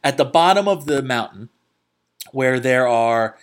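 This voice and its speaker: A man's voice: medium pitch, expressive, unhurried. Young guy on his podcast, rambly and sweary, laughs at himself, keeps restarting, medium voice. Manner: rambling, profane, self-mocking, many restarts. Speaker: podcast host. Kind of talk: casual storytelling monologue.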